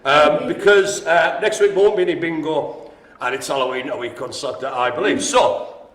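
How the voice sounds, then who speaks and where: A man hosting a live-streamed bingo game, jokey and chatty, calling out names and often addressing the audience as ladies and gentlemen. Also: a little high, moderate pace. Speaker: bingo host. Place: indoor room at a care home. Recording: roomy with faint ambience.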